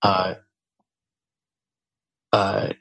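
A man from California, a guest actor, talking casually on a podcast and often pausing to search for words with many fillers. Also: a bit bright, dry recording, poor audio.

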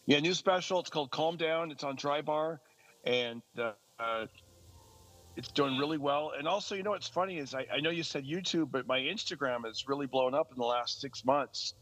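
Lively male comedian telling stories. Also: normal speed, no echo, poor audio. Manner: animated storyteller who slips into high-pitched joke voices. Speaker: stand-up comedian guest. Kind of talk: casual podcast chat.

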